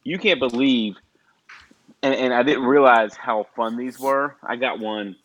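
A chatty man talks through listener jokes and prize giveaways in an easy, rambling way, laughing at his own puns. His voice sits at an ordinary middle pitch. The audio is dull and lo-fi. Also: measured pace, a bit bright. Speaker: co-host reading listener jokes. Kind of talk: casual radio-style chat.

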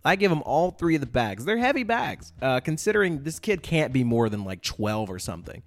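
A man hosting a podcast, telling a casual story in a rambling, animated way, full of fillers and checks like "all right?". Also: medium pitch, a little fast. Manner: animated, exaggerated retelling. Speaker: podcast host.

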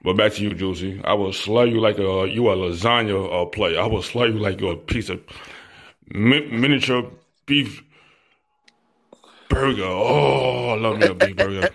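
Gravelly low-voiced man trash talking. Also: unhurried, long pauses. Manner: boastful, rambling insults. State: out of breath. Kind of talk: crude trash talk.

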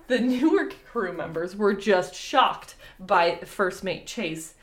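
A woman's voice: medium pitch, lively intonation, takes it slowly. A young woman co-hosting a podcast, telling a history story in casual chat, laughing often and swearing freely. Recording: echoey room.

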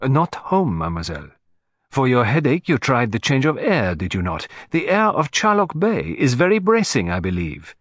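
A man's voice: medium pitch, huge pitch swings, normal speed, dry recording. A smug, theatrical detective who savors every deduction, his clipping each phrase, as a male audiobook reader puts him on. The voice leaps about expressively and sounds dry and close. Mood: accusing. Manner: precise, self-satisfied, theatrical. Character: fussy, proud, shrewd older male Belgian detective.

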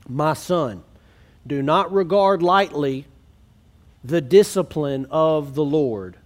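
High-pitched guy preaching in church, earnest, talks to the room like a chat. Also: darkish tone. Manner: earnest, conversational preaching with rhetorical questions. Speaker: pastor. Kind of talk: sermon. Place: church sanctuary.

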